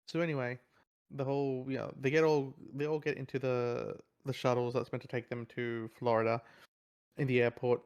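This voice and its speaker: A man's voice: medium pitch, little pitch movement, moderate pace, smooth. A man co-hosting a podcast, casually recapping a film with many restarts. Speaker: podcast co-host. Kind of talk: casual chat.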